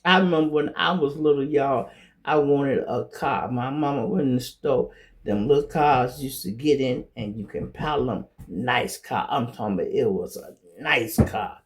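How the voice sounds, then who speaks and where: At normal speed and in a mid-range voice, this Chicago-accented, middle-aged host spins casual stories. He's animated throughout and performs the quoted voices himself.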